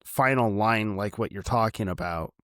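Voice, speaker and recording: A man's voice: fairly low pitch, normal speed, dry recording. Chatty podcast guy, dry close sound. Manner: animated, laughs often, talks in long run-on thoughts. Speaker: podcast co-host. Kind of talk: casual chat.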